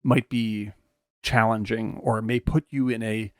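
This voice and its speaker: A man's voice: on the low side, fairly even intonation, measured pace, no room sound, studio quality. A man co-hosting a casual movie podcast, rambling, laughing often and swearing freely. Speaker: podcast co-host.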